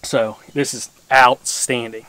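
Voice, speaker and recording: A man hosts a hunting channel, giving an excited field walkthrough on a bluff outdoors. He rambles and repeats words as he goes, and his pitch sits at a middling level. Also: slow pace, dry recording.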